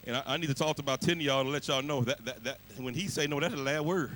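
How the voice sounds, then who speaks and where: A male pastor preaching a sermon, moving from quiet, pleading passages to shouted, half-sung climaxes, with a Black church cadence. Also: medium pitch, quick pace, hardly any pauses, slight background noise, low-quality recording.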